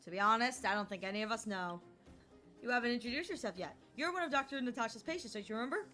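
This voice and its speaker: A woman streaming a story game, chatting casually and playfully, reading lines aloud in animated bursts. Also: a little high, fast, soft background music.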